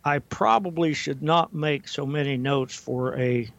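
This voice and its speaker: An older man appears as a guest historian on a talk radio show, speaking deliberately and haltingly with lots of fillers as he reads quotations slowly and carefully. His voice sits on the high side and is creaky. The audio is dull, dry and lo-fi.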